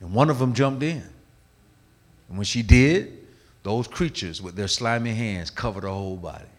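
A man preaching a sermon, telling a story dramatically and swinging between hushed and loud delivery. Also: on the low side, normal speed.

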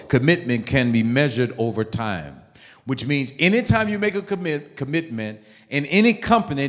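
A man preaching a sermon in an emphatic way, dropping to low murmurs and rising to loud high bursts. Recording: long hall reverb.

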